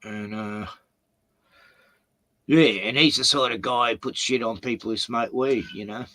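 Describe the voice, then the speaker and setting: A bright, forceful man talks casually. He rambles through his stories and swears freely, with a blunt manner. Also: medium pitch, a little slow, no echo. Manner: blunt and profane, rambling storytelling. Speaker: host. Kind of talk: casual chat.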